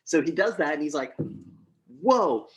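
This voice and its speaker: A man's voice: medium pitch, normal speed. A young man co-hosting a podcast, casually retelling movie scenes with acted-out lines and frequent swearing. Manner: animated retelling, acts out scenes, swears often. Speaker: podcast co-host. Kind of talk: casual movie review chat.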